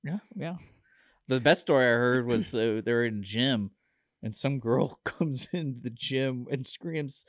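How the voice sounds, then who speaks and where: A man's voice: medium pitch, expressive, normal speed, no echo, studio quality. A man co-hosting a community radio show, laid-back and jokey in casual chat, laughing often and calling people dude. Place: radio studio. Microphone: studio microphone.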